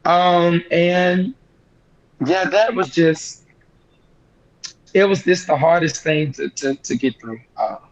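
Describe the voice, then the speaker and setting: A young man, a guest singer, tells a painful family story in an interview, halting and repeating himself. His voice sits on the high side and rises as he relives the shock, and the recording is muffled.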